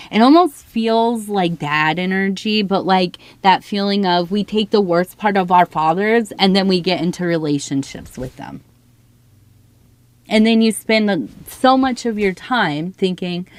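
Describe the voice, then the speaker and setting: A woman's voice: mid-range voice, unhurried. A woman doing a tea leaf reading for her viewers, talking in an earnest, heartfelt way. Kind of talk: casual spoken reading to viewers.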